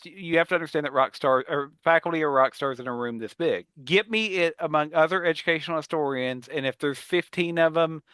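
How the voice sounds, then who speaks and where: A man's voice: a little high, a little fast, few pauses, smooth, no room sound. A middle-aged man co-hosting a podcast, telling stories in casual chat, acting out other people's voices and laughing often. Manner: animated storyteller, acts out voices, laughs often. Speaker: podcast co-host.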